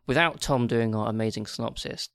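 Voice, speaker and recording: A man's voice: medium pitch, a little fast, gravelly, fairly bright tone, no echo, studio quality. A man hosting a casual podcast chat, chatty and full of fillers and repeated words. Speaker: podcast host.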